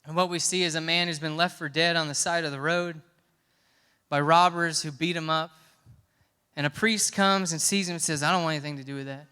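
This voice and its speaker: A man preaching to a youth group in a large church hall, his high, bright voice ringing out with a long reverb tail. He tells his story with emphatic swells that push close to shouting. His tone stays smooth and clear throughout. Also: steady tone, moderate pace. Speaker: youth pastor. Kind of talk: sermon.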